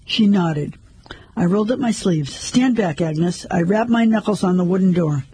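A man narrating a first-person story in a measured, steady way. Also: high voice, breathy edge, rough recording.

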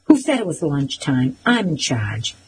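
A cruel older brother barks and bellows in a low, rough register, voiced by a woman reading aloud. He sounds gruff and domineering, a storybook bully. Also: very animated, unhurried, a little mellow, a little hiss or hum. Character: bullying older boy, a hungry, angry brother.

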